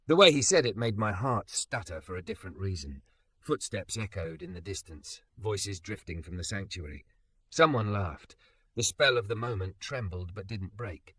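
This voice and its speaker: A man narrating a first-person story with an expressive, emotional delivery. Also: lowish voice, normal speed, no echo.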